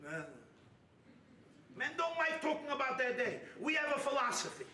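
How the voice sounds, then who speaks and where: A man giving a sermon as a rabbi at a weekend retreat, animated and humorous, driving his points home with shouted emphasis. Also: extremely high pitch, normal speed. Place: hall at a retreat. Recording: roomy hall from a distant mic with faint noise.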